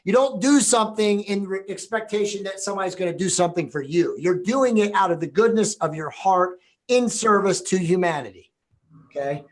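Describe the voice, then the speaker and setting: High-ish guy hosting a chat, rambly, lots of ums and you knows. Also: fairly quick. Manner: rambling, filler-heavy questions. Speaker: podcast host. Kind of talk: casual spiritual discussion.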